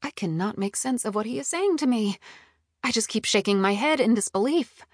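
A woman narrating a first-person audiobook in a brisk, expressive way on a close studio mic. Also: mid-range voice, no room sound.

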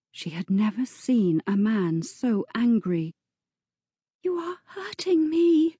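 Slow, mellow woman narrating. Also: medium pitch, husky, no room sound, studio quality. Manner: slow, even storytelling. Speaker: audiobook narrator. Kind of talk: scripted narration.

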